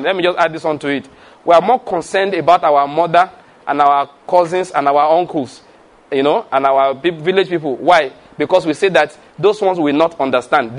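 A man preaches with a voice pitched somewhat above most men's. He drives his points home through rhetorical questions and call-and-response, and he laughs freely along the way. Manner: breaks into laughter while preaching. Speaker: pastor. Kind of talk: sermon.

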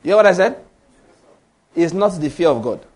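A man's voice: sits high, animated, moderate pace, darkish tone. A man preaching a sermon with emphasis, often putting questions to his congregation.

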